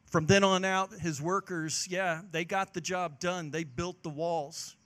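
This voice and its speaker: A male pastor, preaching a passionate sermon that swings from loud exhortation to hushed, earnest moments. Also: sits high, steady tone, a little slow.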